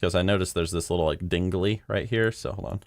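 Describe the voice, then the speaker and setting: A man casually commenting while editing audio, relaxed and chatty, thinking out loud. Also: sits low, a little fast, no echo. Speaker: machinima creator editing audio.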